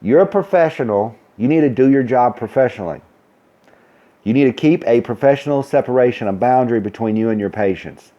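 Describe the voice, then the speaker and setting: A man's voice: medium pitch, dull audio. A man who works as a nursing supervisor, telling a story in a blunt, ranting way and acting out the dialogue. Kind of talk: casual storytelling rant.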